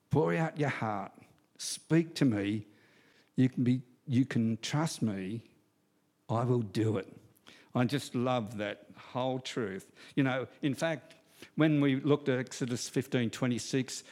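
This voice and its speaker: A man's voice: mid-range voice, a little mellow. Pastor in his sixties preaching. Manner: storytelling with humor, repeats key phrases. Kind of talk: sermon.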